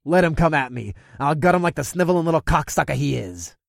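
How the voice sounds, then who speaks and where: A man voicing a brutish, boastful male orc warrior with a growling, gravelly voice. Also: on the high side, expressive, fast, dry recording, clean studio sound, pitched above the performer's own voice. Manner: boastful and crude.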